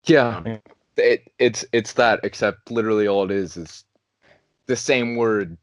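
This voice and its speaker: A man's voice: lowish voice, measured pace, no room sound. A young man co-hosting a casual podcast, joking crudely and laughing often. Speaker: podcast co-host. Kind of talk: casual chat.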